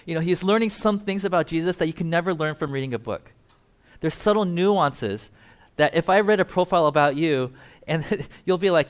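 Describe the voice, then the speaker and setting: A male pastor delivering a sermon in a fairly high voice. He talks animatedly, stretching some phrases slowly and bursting into lively acted-out quotes. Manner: animated, acts out quotes with rising energy.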